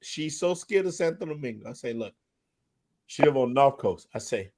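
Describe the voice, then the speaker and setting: A man's voice: medium pitch, lively intonation, moderate pace, darkish tone. A man hosting a casual live stream, telling stories with lots of laughter. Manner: laughing storyteller, slips into mimicked voices. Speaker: livestream host. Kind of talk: casual chat.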